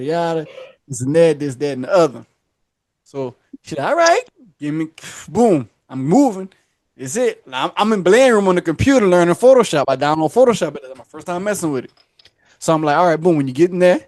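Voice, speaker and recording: A man hosting a podcast, telling a long story in casual slang. He keeps slipping into high voices to act out the people in it. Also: a little mellow, dry recording, clean studio sound. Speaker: podcast host. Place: podcast studio.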